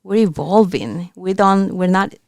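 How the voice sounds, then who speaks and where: A woman's voice: mid-range voice, unhurried, a little mellow. A woman co-host in a casual interview, speaking in a reflective, encouraging way.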